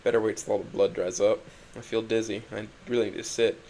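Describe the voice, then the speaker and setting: A young man narrates a first-person story in a low voice with a gravelly edge. His delivery is quiet and introspective, halting between phrases. A faint background hiss sits under the recording. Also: level tone, low-quality recording. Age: young adult.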